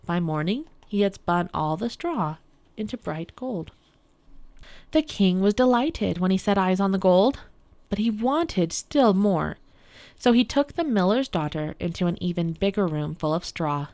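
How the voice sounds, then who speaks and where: A woman from a public library reading a fairy tale aloud for radio in a calm, measured way. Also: medium pitch. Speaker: library storyteller. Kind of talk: storybook read-aloud for radio.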